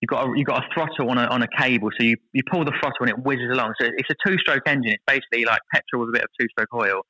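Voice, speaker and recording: Fast-talking, bright-voiced man in his thirties. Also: mid-range voice, low-quality recording. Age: 30s. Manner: lively anecdotal storytelling, voices others in quotes. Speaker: guest. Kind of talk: casual podcast chat.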